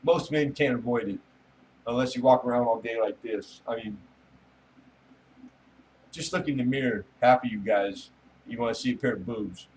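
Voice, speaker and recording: A man's voice: medium pitch, normal speed, long pauses, a little hiss or hum. Man, livestream host, casual and crude, mid-range voice, slightly distant mic. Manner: rambling, joking, laughs often, swears casually. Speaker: livestream host chatting with viewers. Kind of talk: casual late-night livestream chat.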